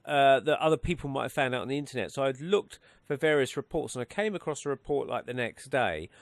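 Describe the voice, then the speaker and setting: A man's voice: medium pitch, expressive, fast, dry recording. A man hosting a radio talk show, rambling and hesitant with many restarts. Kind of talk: casual radio chat. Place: radio studio.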